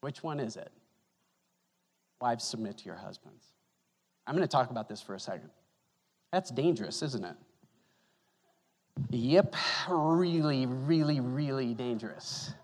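Animated pastor preaching in echoing hall. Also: male voice, medium pitch, unhurried, pauses often. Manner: animated, joking, swings from loud to hushed. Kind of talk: sermon. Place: church hall. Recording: long reverb of a hall.

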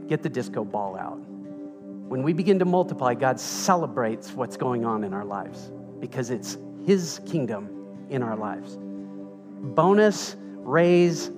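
A man preaching a sermon as pastor, playful and animated as he tells a story. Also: medium pitch. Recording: reverberant hall with music underneath.

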